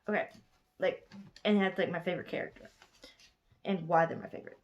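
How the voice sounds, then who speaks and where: A woman's voice: fairly low pitch, a little fast, pauses often, slight background noise. A woman in her twenties with a Southern US accent, chatting casually through a book review late at night, sleepy and rambling, often correcting herself. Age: 20s. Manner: rambling, chatty, gushing, with frequent self-corrections.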